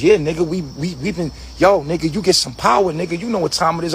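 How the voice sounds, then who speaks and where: Man ranting, high-voiced and aggressive. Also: fast talker, hardly any pauses, a little hiss or hum. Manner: aggressive, preachy, repetitive. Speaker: livestream host. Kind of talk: profane livestream rant.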